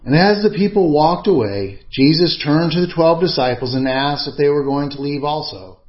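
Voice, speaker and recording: A man preaching a sermon in an earnest, measured, emphatic way. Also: fairly high pitch, animated, muffled recording.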